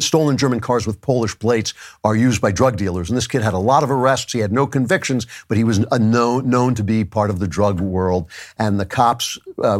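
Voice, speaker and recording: A man hosting his own podcast, delivering an emphatic political commentary monologue in a conversational manner, with asides and quick self-corrections. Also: mid-range voice. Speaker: podcast host.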